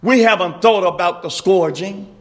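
A man preaching a sermon, slow and emphatic, repeating his refrains and rising to shouts. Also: high-pitched.

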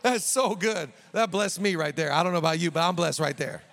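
A male pastor preaching a sermon in a church, energetic and emphatic, rallying the congregation. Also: on the high side, a little fast, creaky, in a large hall.

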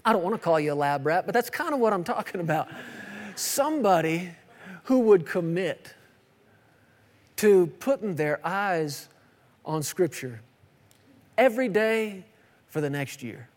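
A man's voice: sits high, sing-song, unhurried, long pauses. A man in his thirties preaching a sermon, emphatic and repetitive with playful asides. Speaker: pastor. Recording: long hall reverb.

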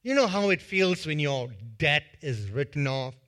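A male pastor giving a sermon in a church, retelling a parable in an animated way and acting out its scenes with a volunteer. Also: on the high side, moderate pace. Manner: animated storytelling that acts out scenes.

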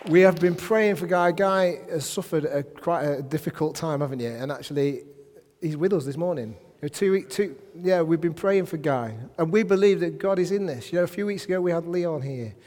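Male preacher, fairly high voice, animated sermon delivery, long hall reverb. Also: fairly quick. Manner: animated, shifting between soft asides and loud emphatic bursts. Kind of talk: sermon with scripture reading. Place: church hall.

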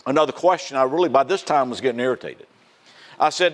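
Male pastor, slightly high voice, conversational sermon delivery with call-and-response questions. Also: quick pace. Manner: conversational, asks the congregation rhetorical fill-in questions.

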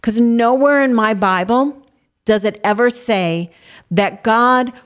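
A woman's voice: on the high side, slow. A woman co-hosting a Christian talk show, preaching earnestly and leading a spoken prayer. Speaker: co-host.

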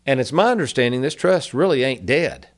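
A man's voice: mid-range voice, animated, fairly quick. Folksy man hosting a money talk show. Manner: folksy, chatty, addresses listeners as folks. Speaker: radio show host, annuity advisor. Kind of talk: casual financial advice talk.

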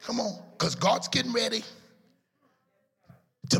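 A man preaching a sermon in a chanting, sing-song style, his voice rising into shouts at its peaks. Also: high-pitched, big pitch swings, measured pace, creaky, breathy edge. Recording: echoey hall with music behind.

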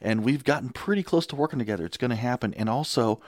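A man, a filmmaker, chatting casually on a podcast and telling lively anecdotes. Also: mid-range voice, fast, dry recording, clean studio sound. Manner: enthusiastic storyteller, impersonates people in quotes.

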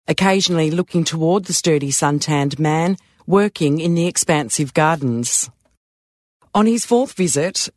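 A man narrating a story in a calm, measured way. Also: fairly high pitch, no echo, clean studio sound.

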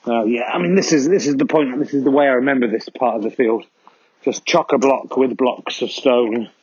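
Rambling deadpan man, husky. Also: mid-range voice, normal speed, no echo. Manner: rambling, mock-serious. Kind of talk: deadpan absurd comedy monologue. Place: outdoors walking in a foggy field. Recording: dull lo-fi sound.

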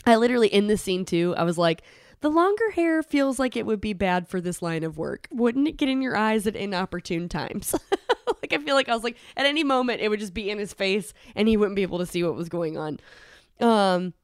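A woman's voice: medium pitch, lively intonation, brisk, smooth, no echo, clean studio sound. Woman host recapping a movie plot. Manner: recaps plot, laughs along. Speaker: podcast host. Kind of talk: casual chat.

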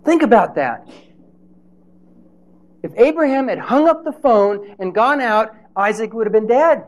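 A man's voice: high voice, expressive, measured pace. A man preaching a sermon in a conversational way, with rhetorical questions and playful asides.

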